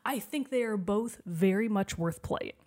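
A woman in an enthusiastic, chatty conversation, hosting a podcast. Her pitch sits in the middle for a woman. She laughs often as she explains. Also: a little slow, darkish tone. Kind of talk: casual chat.

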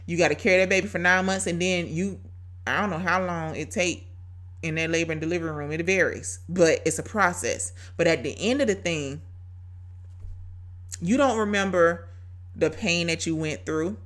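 On a faith-based podcast, a woman shares her testimony in an emphatic, preachy manner, calling her listeners "y'all." Her voice is lowish and fairly bright, delivered at a normal speed.

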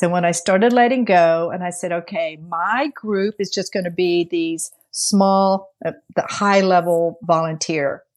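Animated woman telling a story. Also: on the low side. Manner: animated storytelling, acts out quoted dialogue; laughs often mid-sentence. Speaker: podcast co-host. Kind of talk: casual podcast conversation.

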